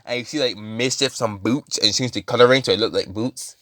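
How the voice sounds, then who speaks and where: A man narrates a story in a loose, rambling way, stopping and restarting often with plenty of fillers. His pitch sits in the middle for a man. The sound is dry and close. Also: quick pace, fairly bright tone, no echo. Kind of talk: casual storytelling.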